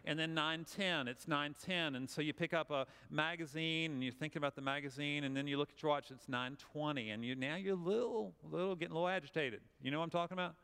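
A man's voice: fairly high pitch, quick pace, hardly any pauses, pushed and bright, smooth. A man with a Southern US accent giving a conversational, humorous motivational talk, acting out little scenes for the audience. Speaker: speaker. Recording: long hall reverb.

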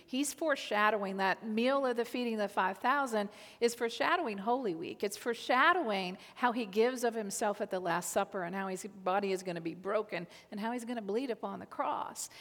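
A woman's voice: on the high side, normal speed, a bit bright. A woman preaching a sermon in an earnest manner, repeating key lines for emphasis. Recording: reverberant hall.

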